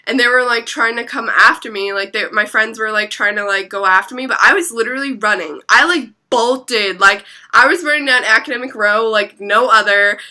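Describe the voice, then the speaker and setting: Young adult woman, vlog storyteller; piercing bright tone, rambling filler-heavy chatter, casual swearing. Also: a little high, brisk, hardly any pauses. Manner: chatty, constant filler words, swears freely. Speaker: vlogger.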